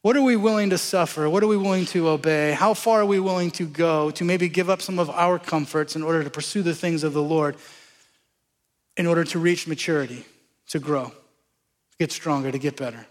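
Preaching in a large hall, a pastor with a slightly high voice speaks a little quickly. He keeps the sermon conversational, asking the congregation questions as he works through scripture.

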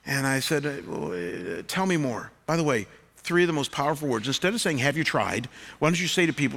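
A man's voice: medium pitch, expressive, fast talker, creaky, bright, forceful tone. A middle-aged male pastor preaching in a conversational, storytelling way, often restarting his words. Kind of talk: sermon.

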